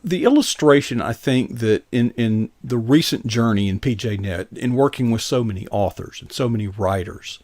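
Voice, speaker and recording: A male host chatting with a guest in a rambling, roundabout way. His voice is gravelly, and the sound is dry and close, with no room echo. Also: mid-range voice, moderate pace, hardly any pauses, a little mellow. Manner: rambling, takes detours. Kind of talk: casual interview chat.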